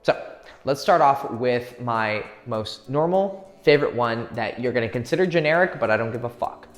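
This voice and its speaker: A man's voice: medium pitch, expressive. A man with a mid-range voice gives crude dating advice, cocksure and blunt, swearing freely and acting out his lines. The room rings with a long echo, and faint music plays underneath. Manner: brash, crude and swaggering, acts out quick pick-up lines. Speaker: dating coach. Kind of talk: profane, direct dating advice.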